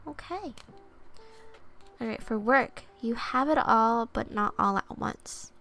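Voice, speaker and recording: A young woman streamer reading oracle cards in a soft-spoken ASMR style, chatty and thinking aloud. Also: on the high side, slow pace, gravelly.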